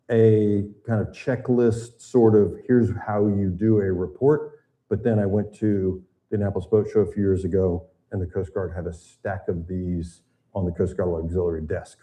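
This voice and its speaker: A man's voice: deep voice, warm tone. An older American man giving a seminar talk to an audience, explaining things conversationally with frequent fillers. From United States. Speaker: seminar presenter. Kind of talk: boating safety seminar talk.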